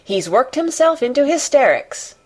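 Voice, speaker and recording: A woman's voice: medium pitch, very animated. A woman voicing an anxious adult nurse who speaks in a great hurry. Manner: hurried, coaxing.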